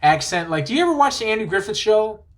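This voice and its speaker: A man's voice: high voice, big pitch swings, quick pace, fairly bright tone. A man hosting a podcast, chatting casually, rambling enthusiastically and laughing easily. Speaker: podcast host. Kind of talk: casual chat.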